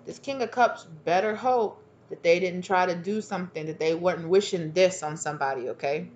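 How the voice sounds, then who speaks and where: Sassy low-voiced woman tarot reader. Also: a little fast, darkish tone, dull audio, a little hiss or hum. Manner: sassy, slangy, laughs at herself. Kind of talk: casual channeled tarot reading.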